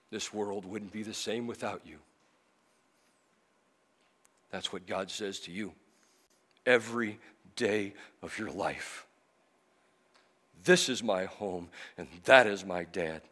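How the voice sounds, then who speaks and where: A middle-aged man preaching a sermon in church, emotional, moving from loud emphasis to soft, slow passages. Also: fairly low pitch. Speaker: pastor.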